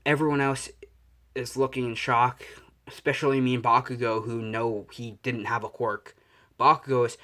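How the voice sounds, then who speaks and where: A young man improvising a fan story out loud, rambling and correcting himself, swearing casually. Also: medium pitch, flat delivery, moderate pace.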